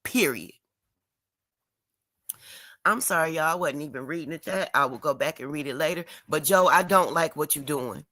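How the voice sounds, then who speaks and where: A woman's voice: deep voice, normal speed, long pauses, pushed and bright, no room sound, studio quality. A woman from Detroit with a Detroit accent on her livestream, talking bluntly and emphatically with lots of profanity, upset and crying. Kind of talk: emotional livestream rant.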